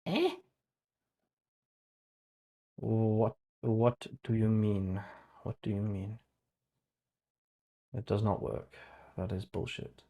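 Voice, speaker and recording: A man's voice: on the low side, steady tone, extremely slow, pauses often, mellow. Man muttering through a live coding stream. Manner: muttering, sarcastic asides, reading chat aloud. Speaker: streamer building an online store.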